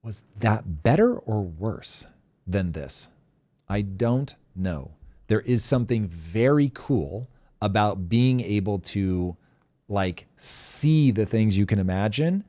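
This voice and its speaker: A man's voice: lowish voice, expressive, slow pace, mellow, no room sound. A man hosting a live talk show, chatting bluntly and animatedly, swearing freely. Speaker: host. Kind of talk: casual live show chat.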